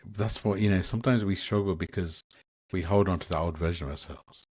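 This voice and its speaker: A deep, darkish voice with a breathy edge comes briskly and without echo from this male guest on an Akashic Records video call. He speaks earnestly in a casual spiritual conversation, rambling and frequently restarting.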